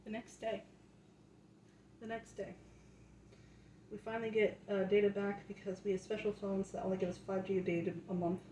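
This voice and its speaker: The voice is a young woman's, medium in pitch, level and dark in tone, at normal speed with long pauses. She's a vlogger at home giving a faith testimony that moves from casual chat to fervent, preachy talk, often asking "right?" The recording has faint background noise and echoes around the room.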